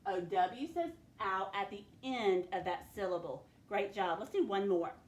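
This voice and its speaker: Woman, phonics teacher, unhurried delivery, sounds out each letter, patient. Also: medium pitch. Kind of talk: phonics lesson for children.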